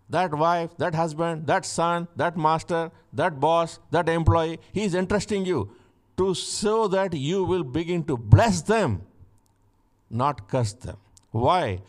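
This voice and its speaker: A male pastor whose voice sits a little higher than most men's. He tells the scripture story with vivid acted dialogue and repeats his key phrases for emphasis, then leads the congregation in prayer. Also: darkish tone.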